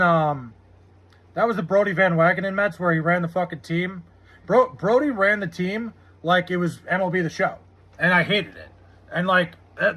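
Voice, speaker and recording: Bright, husky-voiced male streamer. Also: high voice. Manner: profane, frustrated, reads chat aloud. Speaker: live streamer. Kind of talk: casual live stream chat. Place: home room with TV.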